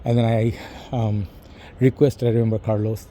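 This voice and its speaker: Rambling casually to the camera about fragrances, this middle-aged reviewer speaks with a Bangladeshi English accent and keeps dropping "you know" and "bro." He has a warm, low-leaning voice with a level tone at a moderate pace, and there's slight background hiss or hum.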